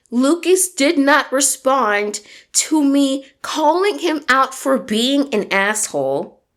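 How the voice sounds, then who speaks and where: A woman in her twenties telling a storytime on her vlog, animated and emphatic, venting with plenty of swearing. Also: sits high. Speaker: vlogger.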